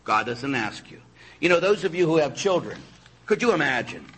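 Priest, male, husky voice with a raised pitch, lively sermon delivery, keeps asking the congregation questions. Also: normal speed, rough recording. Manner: animated, peppered with rhetorical questions and "huh?". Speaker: Catholic priest.

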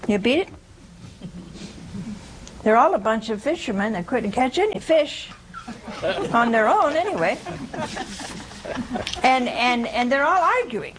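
A woman giving an informal scripture teaching to a small group, conversational and humorous, often pausing to ask her listeners "See?". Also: a little high, sing-song, slight background noise, poor audio. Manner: conversational, keeps asking "See?" and questioning listeners; homespun humor, laughs at her own jokes. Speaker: religious teacher.

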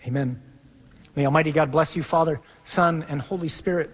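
A man's voice: on the high side, steady tone, fairly quick, a little hiss or hum. A man, a priest, preaching emphatically to a congregation and then leading them in a recited prayer, in a church. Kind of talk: sermon. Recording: reverberant church hall.

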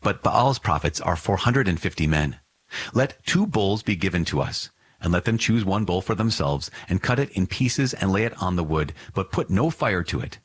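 A man's voice: sits low, expressive, moderate pace, breathy edge. A man reading as a stern prophet. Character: stern bold male prophet.

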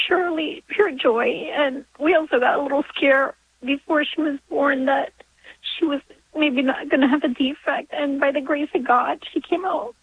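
A woman in her forties calling in from New York, emotional and halting, laughing through tears as she talks. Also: sits high. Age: 40s. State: crying. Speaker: caller. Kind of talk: emotional call-in sharing. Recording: tinny phone line.

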